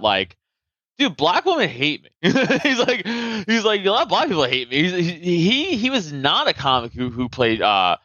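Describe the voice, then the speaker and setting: A man chatting casually on a podcast, profane and animated, acting out comedians' jokes with a raised voice. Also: fairly high pitch, no room sound, lo-fi sound. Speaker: podcast host.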